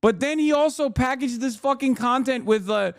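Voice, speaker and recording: A man's voice: very high-pitched, moderate pace, clean tone, no echo, studio quality. A man reacting to clips on a stream, ranting in a profane, sarcastic way. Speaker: political streamer.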